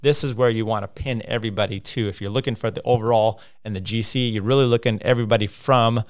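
A man's voice: fairly low pitch, steady tone, fast. A man hosting a casual cycling livestream, rambling with lots of fillers and restarts as he talks through standings and viewer comments.

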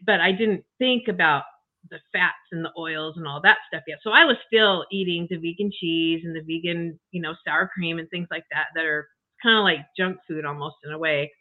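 An older woman telling her health story in a chatty, emotional way as an interview guest, full of restarts and asides. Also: fairly low pitch. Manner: chatty, emotional, frequent you-knows and restarts. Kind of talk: casual personal story. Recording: tinny phone-like call audio.

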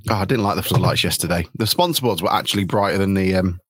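A man's voice: sits low, fast, fairly bright tone, husky, no room sound. A man from England hosting a casual football podcast over a video call, chatty, with many ums, restarts and laughs. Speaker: podcast host.

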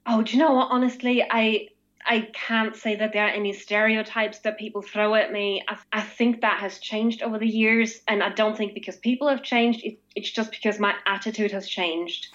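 A woman's voice: medium pitch, fairly even intonation, normal speed, a bit bright. A woman from Austria talks in a loose, chatty way, often restarting her thoughts. Her English has a British and Irish flavor over a German first language. The recording is a little dull and lo-fi. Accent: Austrian with British and Irish English traces. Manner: chatty, many restarts and laughing asides. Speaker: guest. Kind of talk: casual conversation. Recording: slightly dull lo-fi audio.

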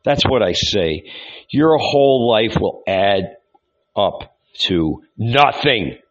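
A man's voice: fairly low pitch, animated, slow pace, highs cut off. A man reading aloud, voicing a fierce red-bearded zealot who bellows and scorns. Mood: raging scorn.

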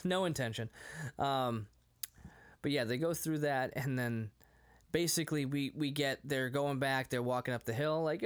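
A man's voice: medium pitch, moderate pace, smooth. A man in his thirties co-hosting a casual movie chat, rambling, laughing often and acting out quotes. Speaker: podcast co-host.

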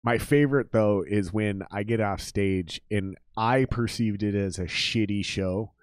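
A man, a drummer who hosts a podcast, telling stories in a casual, profane and animated way and acting out the people he quotes. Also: on the low side, a little slow, smooth, no echo, clean studio sound.

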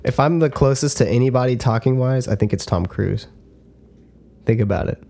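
A man's voice: medium pitch, normal speed, gravelly, dark tone. A man co-hosting a podcast, chatting casually in an easygoing way and laughing often. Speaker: podcast co-host. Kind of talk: casual chat.

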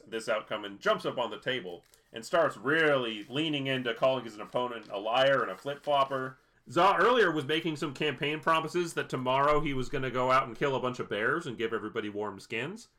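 A man chats his way through an episode recap, circling back with fillers and restarts as he goes. His voice is bright and sits at an ordinary mid pitch, and his speech stays loose and conversational. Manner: rambling, many fillers and restarts. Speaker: podcast co-host. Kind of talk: casual chat recapping an episode.

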